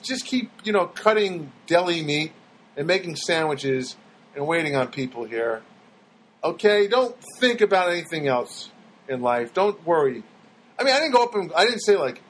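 A man's voice: high-pitched, slight background noise. A man telling meandering comic stories in a wry, self-mocking monologue, acting out the people he quotes.

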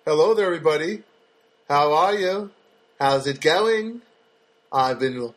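A man's voice: fairly high pitch, lively intonation, a little slow. A man hosting a casual solo podcast from his apartment, talking in a loose, rambling way with many fillers and restarts. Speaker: podcast host. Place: studio apartment.

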